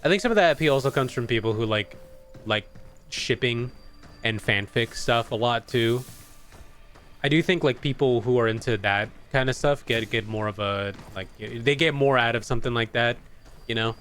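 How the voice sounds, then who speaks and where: A man's voice: mid-range voice, moderate pace, a bit bright, faint music behind. A man streaming a video game, chatting casually in a rambling, profane way with many restarts. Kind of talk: casual gaming commentary.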